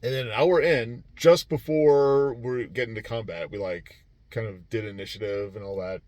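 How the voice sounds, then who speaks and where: In this casual vlog recap, a convention game master talks loosely about his weekend, stumbling through fillers and restarts and laughing readily. His voice is medium-pitched and darkish, at a moderate pace, with no echo.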